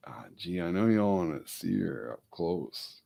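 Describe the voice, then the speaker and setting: A man talks casually to his viewers in a very low, unhurried voice. His tone is rough with gravel, and he wanders between thoughts and mumbled asides. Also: animated, mellow. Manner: rambling, talks to his dog in a coaxing voice. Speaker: vlogger. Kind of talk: casual talk to camera.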